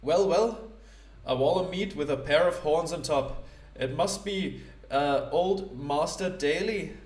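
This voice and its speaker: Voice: mid-range voice, measured pace, darkish tone, lightly acted. A man voicing a jovial, tough female minotaur with a hearty, teasing manner. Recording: roomy echo.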